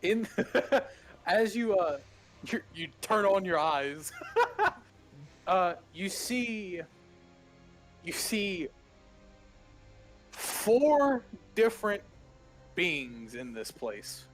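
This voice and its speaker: A man narrating as game master of a tabletop role-playing game, halting along with fillers and small chuckles. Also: sits high, big pitch swings, faint music behind.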